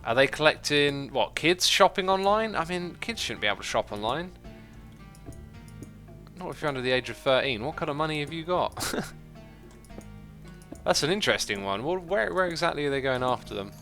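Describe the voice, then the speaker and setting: A man's voice: fairly high pitch, expressive, normal speed, long pauses, sharp tone, soft background music. A man casually chatting with viewers on a livestream as he plays, reading chat messages aloud and thinking aloud with frequent fillers and restarts.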